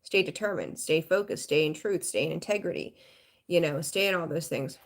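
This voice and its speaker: A woman's voice: low-pitched, fairly quick. A woman giving a live tarot reading in a frank, rambling way, swearing casually and greeting viewers. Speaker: tarot reader.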